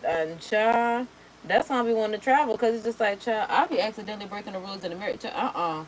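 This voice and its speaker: A young adult woman hosting a reaction video, chatting casually in a sassy, animated way while doing her makeup. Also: medium pitch, quick pace, a little hiss or hum, poor audio. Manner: sassy, animated, slangy and expressive.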